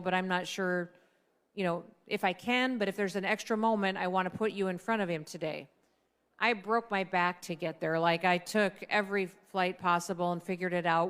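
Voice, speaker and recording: A woman's voice: medium pitch, clear, resonant tone. A middle-aged woman giving a conversational speech at a political dinner, telling an anecdote and acting out the dialogue of the people in it. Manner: conversational, acts out quoted dialogue. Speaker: guest speaker at a political dinner.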